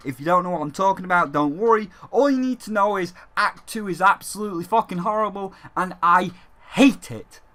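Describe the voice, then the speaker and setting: A man's voice: high-pitched, fairly quick, sharp tone. A man hosting a gaming vlog, rambling and joking, swearing freely and talking as a dragon persona. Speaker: gaming channel host. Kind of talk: casual gaming vlog commentary.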